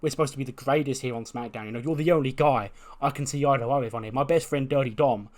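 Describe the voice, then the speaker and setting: A man's voice: mid-range voice, fast talker, darkish tone, lightly acted. A man voicing an arrogant young male wrestler who boasts about himself and taunts others. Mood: smug.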